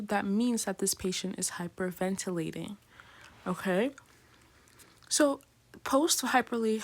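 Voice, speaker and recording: Chatty woman giving a casual lecture. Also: mid-range voice. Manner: chatty, filler-heavy, keeps asking "right?"; acts out patients in slangy voices. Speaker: nursing lecturer.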